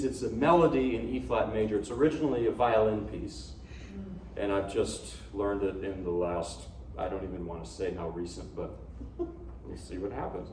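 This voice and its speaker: A pianist chats between pieces at his recital, his voice slightly low and his remarks wandering and self-mocking. He is picked up from a distance in a roomy hall, with a faint hiss underneath. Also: moderate pace. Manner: rambling, chatty and self-deprecating. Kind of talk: casual spoken introduction between pieces. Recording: echoey hall, distant mic, faint noise.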